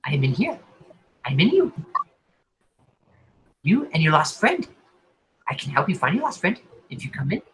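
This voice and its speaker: A man's voice: on the high side, big pitch swings, normal speed, pauses often, fairly bright tone, slight background noise, rough recording. A man voicing a crazed, hungry creature that speaks into people's minds, muttering and repeating itself in a half-whispered, sporadic way. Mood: whispery.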